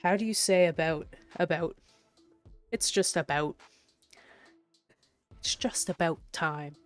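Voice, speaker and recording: Slow, low-voiced Canadian woman streamer. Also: faint music behind. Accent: faint Prince Edward Island. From Prince Edward Island, Canada. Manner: chatty, playful, repeats words to test pronunciation. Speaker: art streamer. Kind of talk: casual chat with stream chat.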